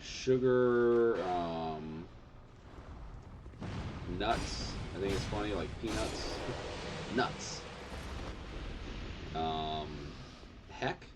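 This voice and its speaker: A young adult man streaming a game, rambling casually, swearing often and yelping high when surprised. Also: very slow, long pauses, background noise. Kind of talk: casual gameplay chat.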